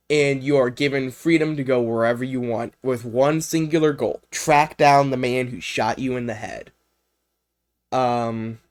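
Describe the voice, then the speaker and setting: A young man talks through a video game in a casual livestream presentation. He is plainly unscripted, rambling and often pausing on ums and uhs. His voice is in the middle range for a man. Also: medium pitch, smooth.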